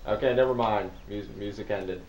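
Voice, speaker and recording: A man's voice: lowish voice, moderate pace. Rambling Northeastern Ohio gamer guy. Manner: rambling, chatty, laughs often. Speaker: gameplay commentator. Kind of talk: casual let's-play commentary. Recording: roomy echo with game music and gunfire.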